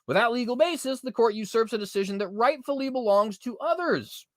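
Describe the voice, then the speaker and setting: A man's voice: very high voice, a little fast, dry recording, clean studio sound. A man in his twenties hosting political commentary, reading news aloud with heavy sarcasm and sudden mocking outbursts. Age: 20s. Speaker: commentary host.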